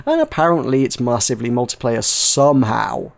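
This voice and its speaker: A man hosts a casual podcast about video games, rambling, laughing, and swearing as he goes. His voice is medium-pitched with vocal fry, and he talks fairly quickly.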